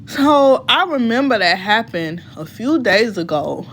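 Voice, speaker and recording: A woman telling a storytime in a casual, blunt and profane way, her voice jumping high when she gets heated. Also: very animated, unhurried, a bit bright, slight background noise. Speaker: storytime vlogger.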